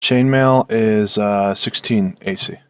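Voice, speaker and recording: A man with a fairly low voice running a tabletop game. He narrates what happens and explains the rules at length in a casual, unhurried way. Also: steady tone, a bit bright, smooth, dry recording. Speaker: game master.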